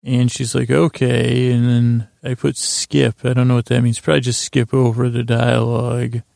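Gravelly man, flat delivery, halting bedtime recap with dry asides, close and dry. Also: mid-range voice, dry recording. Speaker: podcast host retelling a TV episode as a bedtime story.

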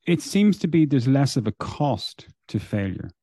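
A male podcast host asks pointed follow-up questions in a mellow, mid-pitched voice. The recording is dry and close. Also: big pitch swings, a little slow, husky, no room sound. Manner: probing, sums up the guest's point. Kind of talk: interview questions.

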